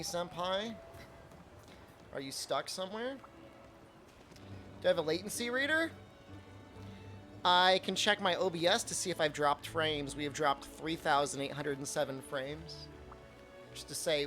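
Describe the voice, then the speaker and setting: A man's voice: on the high side, sharp tone. A man streaming a video game, chatting casually with his chat, answering questions and laughing often.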